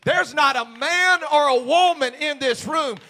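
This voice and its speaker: A man pastor preaching a sermon, swinging from hushed asides to shouted, fiery passages. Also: very high voice, a little slow, long reverb tail.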